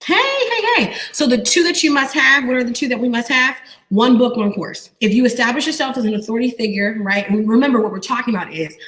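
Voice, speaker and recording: A young adult woman, an online business coach running a live training and quizzing her viewers with lively, repetitive call-and-response questions. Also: a little high, fast, few pauses.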